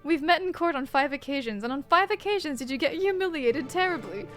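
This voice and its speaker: A woman's voice: high voice, expressive, brisk, fairly bright tone, faint music behind. Smug rooster prosecutor, lofty and mocking, game villain played by a woman streamer. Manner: haughty, mocking, grandly formal. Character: pompous arrogant male rooster prosecutor.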